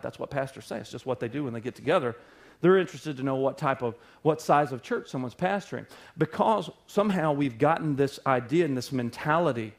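A man preaching a sermon as pastor, swinging between loud emphatic bursts and quiet low passages.

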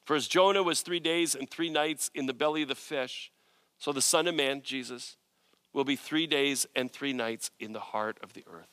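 A man's voice: medium pitch, normal speed, bright, forceful tone, smooth, no room sound. Earnest man preaching a sermon. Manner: earnest, conversational, searching with restarts. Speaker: pastor.

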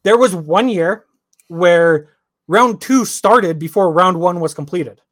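A man's voice: high voice, takes it slowly, fairly bright tone, no room sound, clean studio sound. A man co-hosting a sports podcast, talking casually and ranting with lots of repeated words. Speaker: podcast co-host.

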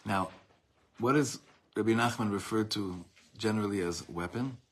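Husky-voiced man giving an impassioned lesson. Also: lowish voice, moderate pace. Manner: impassioned, emphatic, repeats phrases for force; mixes Hebrew terms into English. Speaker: rabbi teaching a class. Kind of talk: Torah lesson.

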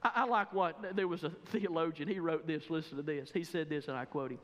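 A man preaching from the pulpit of a church, pressing his congregation with one rhetorical question after another. His voice sits high for a man and carries a lively, animated energy. The sound rings out with the long reverb of a large sanctuary. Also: brisk, lo-fi sound. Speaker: pastor. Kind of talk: sermon.

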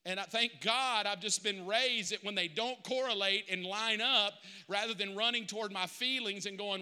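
A man's voice: high voice, normal speed, hardly any pauses, sharp tone, clean tone, long reverb tail. A middle-aged male pastor preaching a sermon, confessional and emotional, building to impassioned peaks.

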